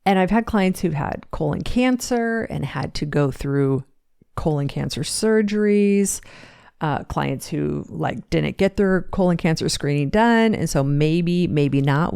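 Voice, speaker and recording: Woman, podcast host, frank and jokey, lots of fillers and restarts, lowish voice, dry close mic. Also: gravelly, dark tone, smooth, no echo. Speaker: podcast host and fitness coach. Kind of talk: candid personal podcast monologue. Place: seated at a home podcast desk. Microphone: studio microphone, seated.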